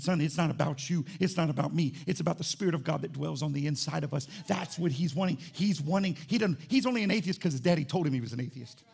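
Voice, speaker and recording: A man preaching with a gravelly, slightly raised voice. His delivery is animated and full of jokes, and it swings from quick asides to shouted high points. Sunday sermon style. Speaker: pastor.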